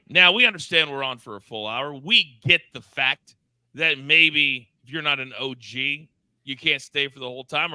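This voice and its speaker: A male host with a very bright, crisp voice runs a live betting show. He talks fast and upbeat and ribs his crew as he goes around the table. The sound is dry and close. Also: a little high, no room sound, poor audio. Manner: upbeat, quick and teasing, calling on each crew member.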